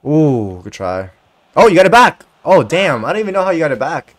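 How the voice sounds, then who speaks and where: A man giving excited commentary over his own soccer video game match, cheering, swearing and shouting at teammates. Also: fairly high pitch, a little fast. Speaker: gaming video creator.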